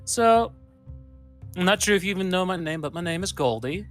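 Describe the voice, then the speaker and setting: A man voicing a cheery but uncaring woman who keeps a deal, talking briskly and dismissively. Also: high voice, lively intonation, a bit bright, soft background music, voice pushed up.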